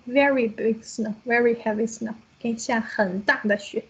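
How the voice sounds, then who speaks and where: A woman's voice: fairly high pitch, steady tone, normal speed, hardly any pauses, breathy edge, low-quality recording. A woman teaching a language class online, explaining patiently step by step over a video call.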